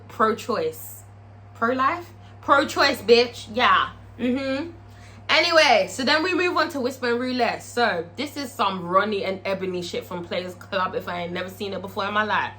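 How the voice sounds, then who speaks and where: A woman's voice: a little high, sharp tone. A young woman recapping a TV episode in a blunt, profane, sassy storytelling manner. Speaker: TV episode reviewer.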